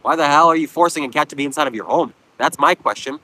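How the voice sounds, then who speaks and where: A man streaming live from the beach talks fast in a slightly high, pushed, bright voice as he reads viewer comments and lectures back bluntly, preachily and mockingly. The low-quality recording carries no room sound.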